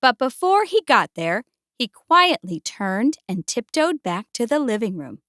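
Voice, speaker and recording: A woman gently and expressively reading a picture book aloud. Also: fairly high pitch, sing-song, unhurried, no room sound, studio quality. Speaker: storyteller.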